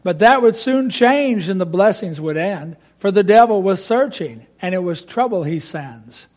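High-voiced man reciting a rhymed Bible story. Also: unhurried. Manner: expressive, asks listeners questions.

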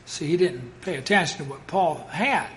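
A man preaching a sermon in a dramatic, emphatic way, swinging between loud declarations and hushed asides. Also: fairly high pitch, expressive, moderate pace.

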